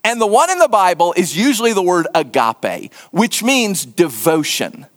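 A man preaching a sermon in an earnest, emphatic way, sometimes dropping to a hushed voice and repeating words for stress. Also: high voice, sing-song, normal speed. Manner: repeats words and restarts when stressing a point. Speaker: pastor.

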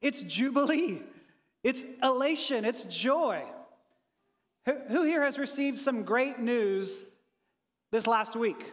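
A pastor giving an energetic, conversational sermon and talking with his congregation in a church. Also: very high voice, takes it slowly, pauses often, long reverb tail.

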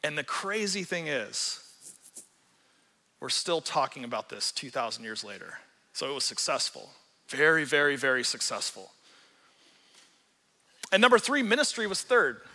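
Man, pastor, lively sermon, high bright voice, long hall reverb. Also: normal speed, long pauses. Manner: animated, joking, acts out quotes. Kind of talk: sermon with storytelling.

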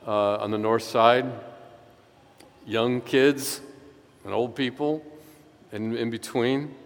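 A man's voice: mid-range voice, steady tone. Earnest man preaching in an echoey hall. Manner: earnest, emphatic preaching with slow stressed phrases. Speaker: pastor. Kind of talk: sermon.

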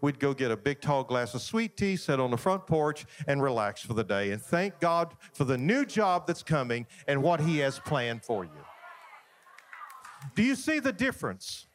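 A man, a pastor preaching a sermon with folksy storytelling that swings from loud to hushed. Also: medium pitch, big pitch swings, moderate pace. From Southern United States.

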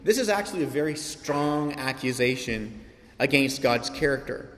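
A man's voice: mid-range voice, lively intonation, normal speed, fairly bright tone. A male pastor in his thirties preaching a sermon with earnest, emphatic delivery and rhetorical questions. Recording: long hall reverb.

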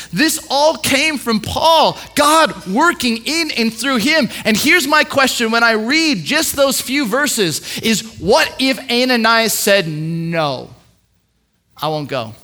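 Bright-voiced preacher man telling stories. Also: very high voice. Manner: animated storyteller, swings from hushed to loud; repeats words, quick asides. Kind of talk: sermon with storytelling.

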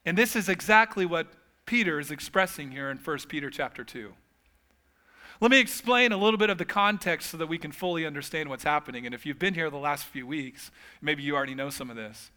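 A man's voice: a little high, brisk, bright, forceful tone. A man preaching a sermon as pastor, telling humorous stories with casual asides.

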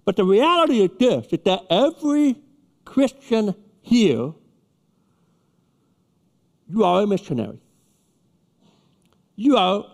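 A man preaching a sermon to his church, emphatic and repeating his key words. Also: high-pitched. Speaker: pastor. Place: church sanctuary. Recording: long reverb of a church hall.

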